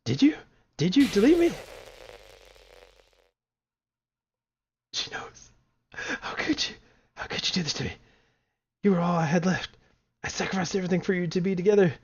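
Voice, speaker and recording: Man reading out a desperate young girl from a game, squeaky falsetto, husky edge, muffled lo-fi sound. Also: full character voice. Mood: accusing. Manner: reading game dialogue aloud in a raised falsetto. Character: distraught young female game character, desperate. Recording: dull lo-fi stream audio.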